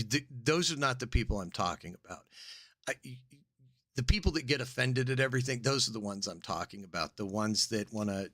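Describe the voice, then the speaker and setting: A man's voice: mid-range voice, sharp tone, dry recording, clean studio sound. An American man co-hosting a podcast in casual chat, joking crudely and riffing. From United States. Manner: joking, crude, mocks accents and puts on voices. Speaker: podcast co-host.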